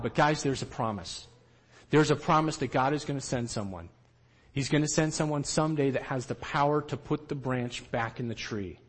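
A man giving a storytelling talk to trainees, animated, and he acts out the quotes himself. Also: medium pitch, brisk, slightly rough, low-quality recording. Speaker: missionary trainer.

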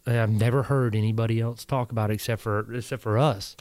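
A man's voice: fairly low pitch, quick pace, no room sound. A combat veteran, a man, telling war stories casually on a podcast, swearing freely and acting out the voices he quotes. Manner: animated storyteller, swears, acts out quoted voices. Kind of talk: casual storytelling. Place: indoor podcast setup.

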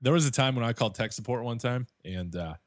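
A man's voice: mid-range voice, lively intonation, fast talker, no room sound, clean studio sound. A man telling profane stories in a casual chat, laughing as he goes. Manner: profane storytelling, laughs mid-sentence.

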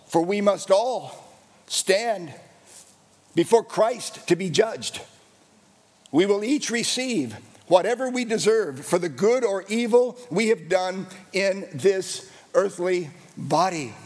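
A man's voice: sits high, animated, slow pace, in a large hall. A man preaching a sermon as pastor, with an emphatic, repetitive cadence.

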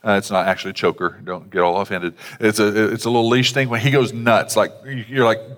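A man's voice: on the low side, fairly quick, a bit bright. A man, a pastor, preaching a sermon in a conversational way with casual asides. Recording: long hall reverb.

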